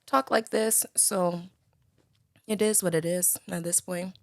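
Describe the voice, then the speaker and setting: Chatty young Bahamian woman, low voice. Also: steady tone, slow, vocal fry, dry recording, clean studio sound. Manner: chatty, leans on "like" and "you know". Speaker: podcast guest. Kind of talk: casual conversation.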